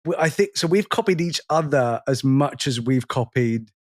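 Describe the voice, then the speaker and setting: A man's voice: medium pitch, expressive, normal speed. A man in his forties co-hosting a podcast, chatting casually and rambling in a self-mocking way, often restarting his sentences. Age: 40s. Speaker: podcast co-host. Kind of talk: casual chat.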